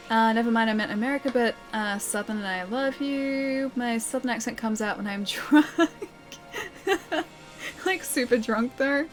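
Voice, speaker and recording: Young Australian woman, game streamer, bright and a little high, chatty, laughs a lot. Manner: chatty, laughs often, answers chat. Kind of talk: casual live-stream chat.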